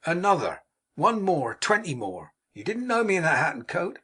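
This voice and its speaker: A man's voice: high-pitched, wildly swooping pitch, normal speed, fairly bright tone, slightly rough, pitched above the performer's own voice, full character voice. A man voicing a cheerful, hearty young manservant with broad country speech, in a storybook reading. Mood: jolly.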